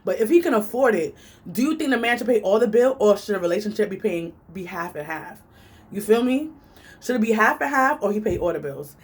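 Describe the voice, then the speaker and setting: A woman telling a story in an animated, chatty vlog. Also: a little fast, breathy edge. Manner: animated and chatty, big swings in pitch. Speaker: vlogger.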